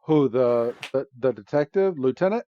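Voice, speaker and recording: A man hosting a podcast, retelling a movie scene by scene in a casual, animated way with frequent fillers. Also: mid-range voice, moderate pace, dull audio. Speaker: podcast host. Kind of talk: casual movie recap chat.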